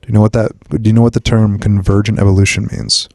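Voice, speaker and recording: A man's voice: on the low side, little pitch movement, fast, vocal fry, darkish tone. A young man co-hosting a podcast, chatting casually with rambling, jokey explanations. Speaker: podcast co-host. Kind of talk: casual chat.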